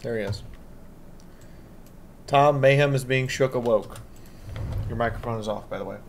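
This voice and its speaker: A man's voice: medium pitch, normal speed, gravelly, a little hiss or hum. Man running a tabletop game. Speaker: game master.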